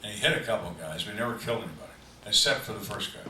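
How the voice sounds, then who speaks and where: An older man who was a homicide detective tells dry, deadpan stories with slow, emphatic pauses at a live fan Q&A. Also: on the low side, heavy background noise. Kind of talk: live storytelling Q&A. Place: event room on a cruise ship, live audience. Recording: echoey room, distant mic, faint ambience.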